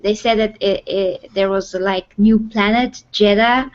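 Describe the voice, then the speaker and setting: A woman co-hosting a casual movie chat, often pausing to search for words with many fillers. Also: medium pitch, fairly even intonation, highs cut off. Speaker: co-host.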